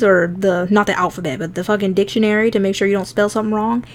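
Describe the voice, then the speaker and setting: A woman's voice: medium pitch, level tone, fast talker, few pauses. A woman streaming herself drawing, chatting casually, laughing often and swearing freely as she teases herself. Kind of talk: casual chat while drawing.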